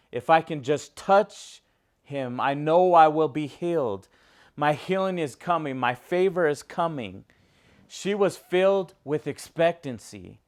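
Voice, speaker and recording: A man preaching a sermon as a pastor, emphatic and repetitive, putting questions to his listeners. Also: mid-range voice.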